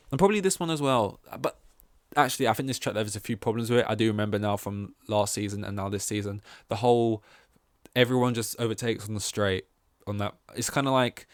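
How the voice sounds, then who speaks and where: Low smooth-voiced male podcast host. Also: no echo, clean studio sound. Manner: rambling, thinking aloud with hesitant restarts. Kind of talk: casual chat.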